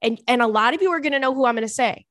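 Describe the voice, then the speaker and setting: A woman's voice: fairly high pitch, rapid-fire, no echo. Chatty young woman podcast host. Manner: gossipy, animated, swearing, says "girl" and "like" often. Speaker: podcast host reading listener emails. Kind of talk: casual chat.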